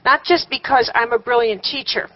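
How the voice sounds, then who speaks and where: A woman's voice: a little high, normal speed, highs cut off. A woman teaching a live workshop to a seated group, conversational, with rhetorical questions and wry humor.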